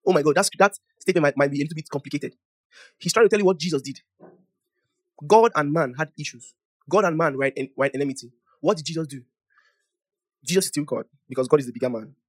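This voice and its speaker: Animated young preacher. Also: male voice, on the high side. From Nigeria. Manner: emphatic, animated, swings from loud declarations to soft asides. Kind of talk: sermon.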